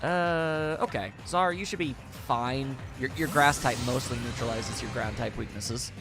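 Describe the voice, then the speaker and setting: Gravelly, playful man playing a game. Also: medium pitch, normal speed, music in the background. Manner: playful, chatty, talks to the game. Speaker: video game streamer. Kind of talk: let's play commentary.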